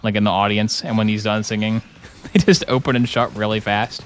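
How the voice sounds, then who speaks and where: While he streams a game, a young man keeps up loose, wandering commentary full of jokes and playful tangents. His voice is lowish and steady, and he speaks fairly quickly.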